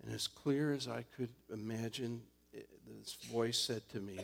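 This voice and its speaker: A man's voice: mid-range voice, fairly even intonation, a little slow, gravelly, few pauses, a bit bright, a little hiss or hum. A man preaching a sermon as a pastor, telling a personal story earnestly and building to emphatic points.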